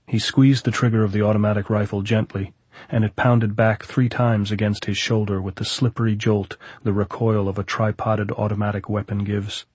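A man narrating a novel in a measured, even storytelling manner. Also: fairly low pitch, slightly rough, dry recording. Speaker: audiobook narrator. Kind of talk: scripted narration.

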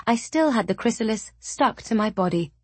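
A woman narrating a first-person novel in a measured, even audiobook reading. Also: a little high, breathy edge, no room sound.

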